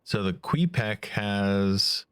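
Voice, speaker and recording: Male streamer with a low, slow delivery. Casual game commentary with thinking aloud. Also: expressive, clear, resonant tone, dry recording. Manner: musing aloud while reading game text.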